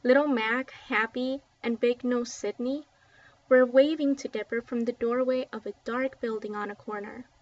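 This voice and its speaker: A woman reading a children's book aloud with expressive, dramatic storytelling, recorded dull and a little distant from the mic. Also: a little high, normal speed. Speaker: book reader.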